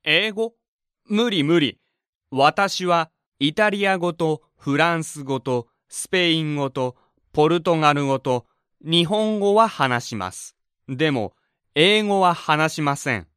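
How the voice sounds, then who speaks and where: A man playing bright upbeat Fabrizio. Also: a little high, expressive, normal speed, smooth, no room sound, studio quality. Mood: cheerful. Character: Fabrizio, a friendly multilingual man. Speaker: dialogue actor. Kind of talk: scripted textbook dialogue.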